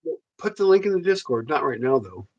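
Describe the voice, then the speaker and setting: A man's voice: fairly high pitch, very animated, brisk, a little mellow, lo-fi sound. A man with a Southern US accent hosting a livestream, joking and teasing his co-host in casual chat.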